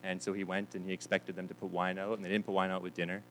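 A man's voice: low-pitched, level tone, fast, a bit bright, slight background noise, poor audio. A man preaching a sermon, telling stories and acting out the lines of the people in them. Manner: storytelling with quoted voices, repeats words. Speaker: pastor.

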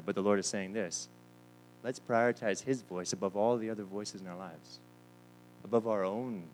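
A man's voice: low voice, rough recording. A man preaching a sermon, telling stories and acting out the lines of the people in them. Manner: storytelling with quoted voices, repeats words. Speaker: pastor.

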